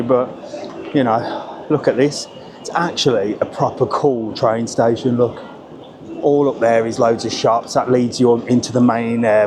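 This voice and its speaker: A man from Birmingham with a Brummie accent, vlogging casually on the move through train stations, chatty and grumbling, swearing offhand. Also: medium pitch. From Birmingham area, England. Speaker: travel vlogger. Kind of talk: casual vlog. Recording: noisy station ambience.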